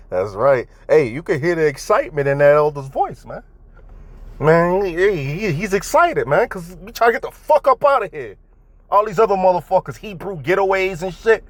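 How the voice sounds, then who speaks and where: A man's voice: a little high, animated, moderate pace, no echo. A man giving casual religious commentary, swearing freely and asking his viewers emphatic questions, recorded indoors. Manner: profane, emphatic, talks to viewers directly. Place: indoors at home.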